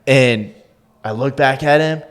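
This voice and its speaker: A man from rural Tennessee, a former pro fighter and podcast guest, telling a story in a lively way and acting out quoted voices. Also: medium pitch, slow. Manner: lively, acts out quoted voices, frequent laughter, restarts. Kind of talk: casual storytelling in an interview.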